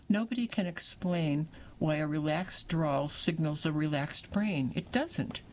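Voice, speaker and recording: A reader reading magazine-style articles aloud in a measured, even way. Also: medium pitch, creaky, slight background noise.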